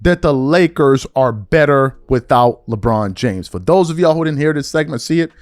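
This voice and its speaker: Hosting a sports podcast, a man rants heatedly in slang, mocking fans with impressions. His medium-pitched voice is animated at a moderate pace, and the recording is dry, clean studio sound.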